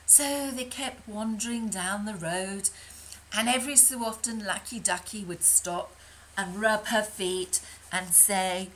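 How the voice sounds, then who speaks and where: A woman telling a children's story aloud, animated and slipping into soft whispers now and then. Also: mid-range voice, measured pace, slight background noise, rough recording. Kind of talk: reading a children's tale aloud.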